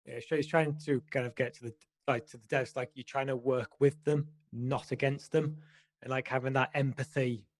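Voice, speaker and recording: A man's voice: mid-range voice, steady tone, normal speed, no echo. Hesitant man with a dry sound. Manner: hesitant, searching for words. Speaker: participant. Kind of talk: casual chat.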